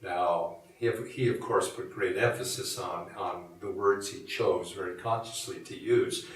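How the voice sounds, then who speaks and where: Low-voiced man in an echoey room. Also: fairly even intonation. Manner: measured, musing, conversational lecturing. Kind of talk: reflective spiritual talk. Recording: echoey room from a distant mic.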